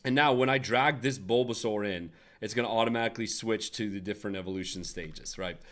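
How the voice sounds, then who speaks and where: A man's voice: on the low side, brisk, fairly bright tone. A young man hosting a casual design livestream, rambling and laughing as he chats with viewers. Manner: rambling, restarts, frequent laughs and asides to chat. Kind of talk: casual livestream chat and tutorial.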